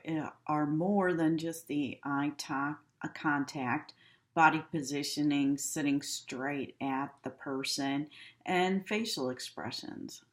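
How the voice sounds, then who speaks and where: A woman teaching a class from her home, explaining and acting out examples in a demonstrative way. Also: sits low. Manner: slow, demonstrative, acts out tones and gestures. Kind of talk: recorded class lecture from home.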